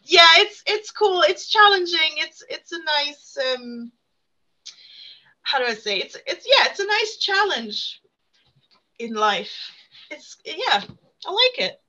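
A woman's voice: very high voice, sing-song, takes it slowly, pauses often, bright, forceful tone, dull audio. A woman chatting as a podcast guest, bubbly and self-mocking, laughing often. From non-native speaker living in England. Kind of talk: casual chat.

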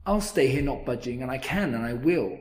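A man voicing a stubborn male Zax creature in a storybook read-aloud, loudly defiant. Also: mid-range voice, animated, fairly quick, reverberant, lightly acted.

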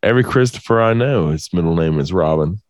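A man's voice: sits low, animated, quick pace, no room sound. A man co-hosting a podcast, mostly giving short reactions and the odd dry joke. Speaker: podcast co-host. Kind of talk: casual podcast chat.

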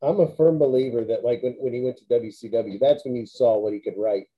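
A man's voice: medium pitch, brisk. A man hosting a podcast, giving blunt opinions in casual chat and throwing in short reactions. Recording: dull lo-fi audio.

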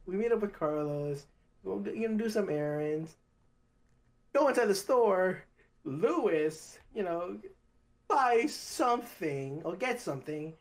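A young man spins a story for his podcast co-hosts, his pitch leaping around as he acts out what people said. The talk is loose and casual. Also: unhurried. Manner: animated storyteller, acts out quotes in high voice. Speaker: podcast co-host.

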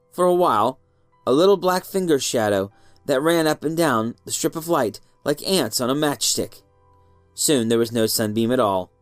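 A man reading a story aloud with an expressive, lilting delivery. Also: mid-range voice, no room sound, clean studio sound. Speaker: narrator. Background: faint music.

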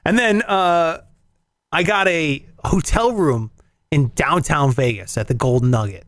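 A man hosting a show, telling a story in casual, profane, animated chat and acting out the voices in it. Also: a little high, unhurried, no room sound. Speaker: radio show host. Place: in Las Vegas.

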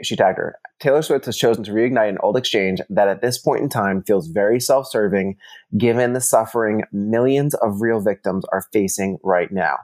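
A man co-hosting a casual gossip chat, rambling and animated as he vents his opinions. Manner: rambling, animated, jumps between pitches. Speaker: podcast co-host.

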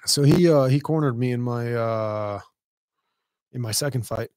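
A man hosting a podcast in casual, profane chat about fighting, animated and mocking as he retells stories. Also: medium pitch, unhurried, dry recording, studio quality. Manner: profane, animated, mocks others' shouting. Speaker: podcast host; former fighter.

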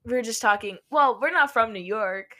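A woman's voice: on the high side, normal speed, fairly bright tone. A young woman from Nebraska casually telling a story to camera, chatty, with frequent laughs and lots of "like". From Nebraska, USA. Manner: chatty, laughs often, many "like" fillers. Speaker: vlogger.

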